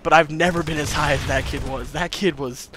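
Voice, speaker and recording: Young man telling a story, lively and loud. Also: fairly high pitch, fairly quick, background noise. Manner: animated, acts out voices, laughs often, swears casually. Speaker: vlogger. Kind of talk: casual storytelling to camera.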